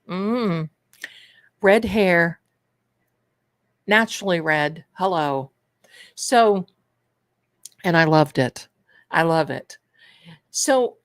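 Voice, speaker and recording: Woman host, tarot livestream; chatty storyteller, dry close sound, mid pitch. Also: dry recording. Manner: chatty storyteller, addresses viewers as darlings. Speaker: host of a manifestation and tarot show. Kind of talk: casual livestream chat.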